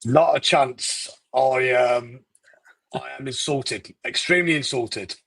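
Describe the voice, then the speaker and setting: A man's voice: medium pitch, takes it slowly, vocal fry, fairly bright tone, husky. A man appearing as a guest on a football fan podcast, talking in a good-humoured, self-deprecating way. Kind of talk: casual fan podcast chat.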